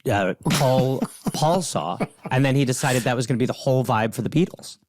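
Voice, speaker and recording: A man co-hosting a comedy advice podcast, inventing silly fake facts with a deadpan delivery. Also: mid-range voice, normal speed, a little hiss or hum. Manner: deadpan tall tales, playful. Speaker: podcast co-host. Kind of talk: casual comedic advice chat.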